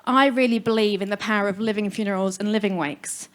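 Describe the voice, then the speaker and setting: A woman's voice: mid-range voice, fairly even intonation, fast. Frank woman giving a talk. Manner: frank, humorous, direct. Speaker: funeral celebrant. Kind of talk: live stage talk. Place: live music venue stage.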